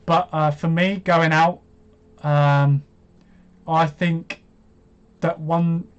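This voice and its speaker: A man's voice: fairly high pitch, level tone, drawn-out words, smooth. A man of twenty-five chatting casually as host of a live stream, laughing often and poking fun at himself. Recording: dull lo-fi stream audio.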